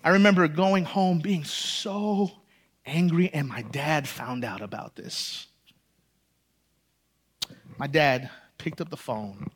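A man in young adulthood delivers a sermon from the pulpit, with a notably high-pitched voice. He moves between quiet storytelling and rising, impassioned emphasis. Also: slow, pauses often, slightly rough. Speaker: pastor.

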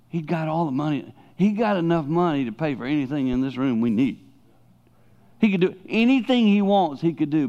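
A middle-aged male pastor preaching a sermon in a loose, conversational way. His pitch sits in a middle register, and he often drops to hushed tones for emphasis. The recording sounds dull and lo-fi. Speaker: pastor and speaker.

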